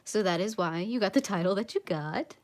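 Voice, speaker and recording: A woman's voice: medium pitch, animated, brisk, darkish tone. A young adult woman hosting a casual coloring livestream, chatting in a rambling, self-mocking way with lots of repeats. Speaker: livestream host.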